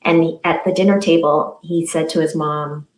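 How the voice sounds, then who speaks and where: A woman's voice: low-pitched, fairly even intonation, moderate pace. Woman guest in an echoey room. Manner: conversational anecdote. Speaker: guest author. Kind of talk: casual chat.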